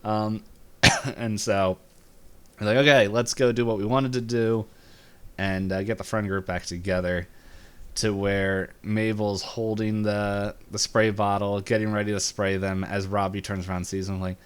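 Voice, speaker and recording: A man co-hosting a podcast, casually retelling a cartoon episode, laughing often and jumping up in pitch to act out lines. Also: little pitch movement, unhurried, smooth. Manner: laughs while retelling scenes, voices lines with jumps in pitch. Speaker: podcast co-host.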